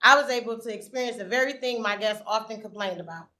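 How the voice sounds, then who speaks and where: A woman's voice: on the high side, fast talker, bright, forceful tone, rough recording. A woman reading a prepared statement to a zoning board in a public meeting room. She is earnest and stumbles now and then over her notes. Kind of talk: prepared statement read aloud.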